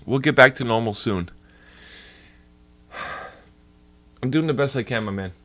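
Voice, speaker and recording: A male streamer at an ordinary middle pitch, talking straight to his chat in a loose, casual way. He rants with heat and swears constantly. His delivery stays blunt and unfiltered. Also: slow, bright, forceful tone. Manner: profane, ranting, heated. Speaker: livestreamer. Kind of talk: casual livestream rant.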